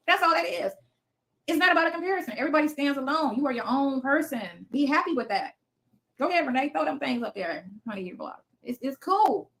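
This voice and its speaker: With a high, animated voice that's creaky yet fairly bright, she talks fast as she hosts a casual livestream. The woman, in her fifties, works from her home basement, responding to viewers bluntly and defiantly while cursing freely.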